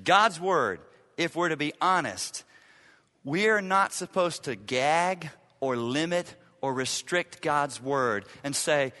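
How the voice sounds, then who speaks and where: A man preaching a sermon as pastor, emphatic, repeating key lines and swinging from loud to hushed. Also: on the high side, lively intonation, takes it slowly, long reverb tail.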